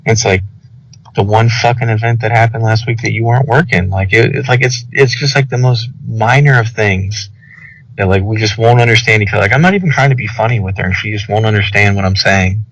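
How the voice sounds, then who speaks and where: A young man telling a rambling, animated story over casual podcast chat, full of filler words. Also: lowish voice, fairly quick, slight background noise. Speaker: podcast co-host. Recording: dull lo-fi audio.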